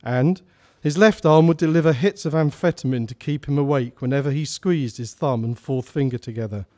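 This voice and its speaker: A man reads a short story aloud at a live salon. His narration is steady and measured, at an ordinary middle pitch. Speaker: author reading a story.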